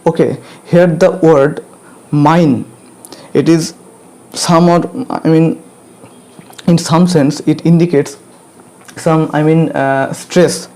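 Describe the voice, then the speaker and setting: A man with an Indian English accent, teaching a grammar lesson slowly and repeating himself, often checking in with "okay" and "clear?". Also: a little high, fairly even intonation, mellow. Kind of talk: grammar lecture.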